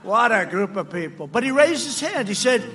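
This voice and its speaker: A man giving a campaign rally speech on a stage microphone, boastful and mocking, repeating himself and often shouting. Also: very high voice, big pitch swings, normal speed, soft background music. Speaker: political speaker at a rally. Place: large rally before a crowd.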